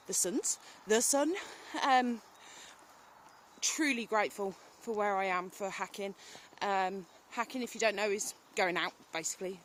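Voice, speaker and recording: A woman's voice: mid-range voice, a bit bright. A woman in her thirties with a British accent, chatting casually to a phone while out riding her horse in the countryside, rambling with lots of ums and talking to the horse now and then. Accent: British English. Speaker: vlogger. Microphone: phone held while riding. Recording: faint outdoor noise. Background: outdoor ambience with animal sounds.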